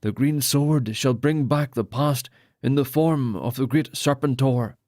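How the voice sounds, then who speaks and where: A man's voice: medium pitch, unhurried, a little mellow, no echo, studio quality, lightly acted. A man voicing a solemn male lord who speaks formally while ordaining priests. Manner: formal ceremonial speech.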